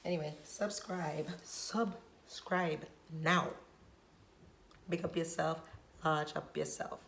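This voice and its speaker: A woman with a fairly low voice vlogs straight to camera, retelling a story from her work as a hairstylist. She talks in an emphatic, preachy way and drives her points home by repeating them. The recording carries a roomy echo. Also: fairly even intonation, takes it slowly, creaky, fairly bright tone, slight background noise. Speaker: hairstylist vlogger. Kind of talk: direct-to-camera storytelling vlog.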